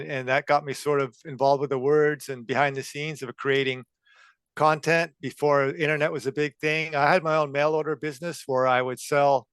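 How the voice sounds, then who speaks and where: A man in his fifties from California, a copywriter answering interview questions in a measured way. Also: on the high side, fairly bright tone, clear, resonant tone, no room sound. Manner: measured, with frequent uh fillers. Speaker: guest, copywriter.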